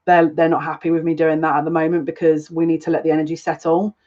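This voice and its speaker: A woman's voice: low-pitched, little pitch movement, fast talker, mellow, lo-fi sound. A woman reading tarot on a live stream, chatting with viewers in an emotional, rambling way, greeting them by name and restarting her sentences. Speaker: psychic reader on a live stream.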